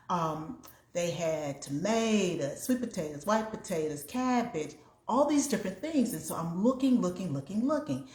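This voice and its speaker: A woman's voice: fairly low pitch, slight background noise. Chatty woman cooking in an echoey kitchen. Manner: chatty, talks to viewers while cooking. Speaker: home cooking show host. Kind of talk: casual cook-along chat. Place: home kitchen.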